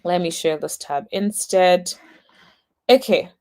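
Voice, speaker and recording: A woman's voice: fairly low pitch, takes it slowly, a little mellow, a little hiss or hum. A woman hosting a casual reaction commentary, speaking to her viewers with chatty, exasperated asides. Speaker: host.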